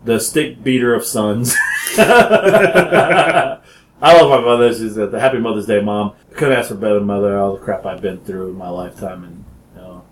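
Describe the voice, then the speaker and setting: A man telling childhood stories in casual chat, animated and laughing often as he acts out quotes. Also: on the low side, moderate pace, slight background noise. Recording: roomy echo.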